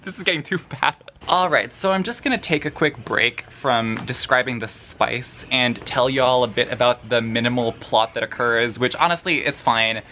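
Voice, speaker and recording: Man, book vlogger, bright forceful voice, animated, dramatic, crude humor. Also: mid-range voice, moderate pace, hardly any pauses, slight background noise. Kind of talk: casual spoiler book review vlog.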